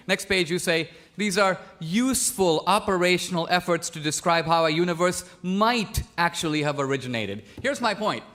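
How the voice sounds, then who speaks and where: A man from India debating on stage, his voice sitting a little high. He argues in a pressing, methodical way, stacking question on question. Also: a bit bright. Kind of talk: public debate.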